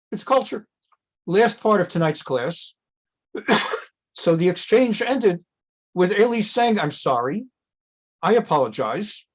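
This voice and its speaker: A middle-aged man, a rabbi, teaching a conversational class on a Bible text, reading Hebrew passages and translating them with asides, jumping up in pitch when he acts out quotes. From America. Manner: animated, jumps up in pitch when acting out quotes.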